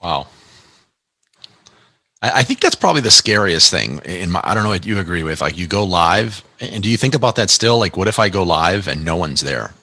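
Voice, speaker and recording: A man's voice: low-pitched, animated, fairly quick, pushed and bright, dry recording. A man hosting a podcast interview, asking curious questions and thinking aloud. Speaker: podcast host.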